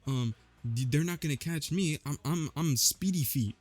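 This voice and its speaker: A man mimicking a teenage boy's flat, monotone, slang-heavy movie lines. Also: fairly high pitch, moderate pace, soft background music, lightly acted. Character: teen boy with flat goofy lines.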